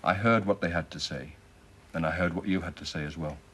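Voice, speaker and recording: A man's voice: deep voice, fairly quick, fairly bright tone, a little hiss or hum. An actor playing a practical self-made businessman who gives blunt, reassuring advice in a television soap. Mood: persuasive. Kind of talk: 1980s television soap acting.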